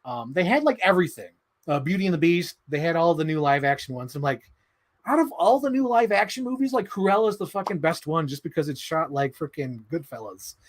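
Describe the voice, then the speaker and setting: A young man hosting a casual livestream, excitable and quick to laugh, swearing as he talks about movies. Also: a little high. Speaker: livestream host.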